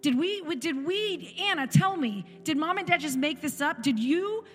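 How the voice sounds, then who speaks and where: A woman's voice: high voice, lively intonation, normal speed, a bit bright, big-room sound, faint music behind. A woman in her forties giving an impassioned church testimony, firing off repeated rhetorical questions. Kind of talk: sermon testimony.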